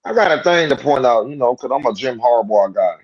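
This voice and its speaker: A man co-hosting a sports call-in show, talking in a loose, slangy, animated way and riffing on jokes. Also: mid-range voice, brisk, husky, dull audio. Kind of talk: casual sports talk.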